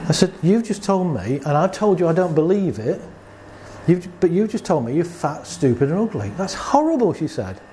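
Animated and warm, a fairly high-pitched male therapist chats at a moderate pace, telling stories about clients. He performs both halves of the dialogue and leans on rhetorical questions. Slight background noise can be heard.

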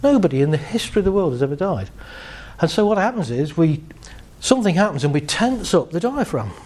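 A man working as a therapist, calmly guiding a group through a visualization exercise and laughing lightly between points. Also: a little high, brisk.

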